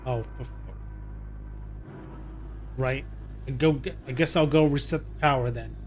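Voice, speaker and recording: A man's voice: medium pitch, unhurried, a little hiss or hum, lightly acted. Man playing a curt, irritable captor. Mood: annoyed. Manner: curt and annoyed. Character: gruff irritable male captor.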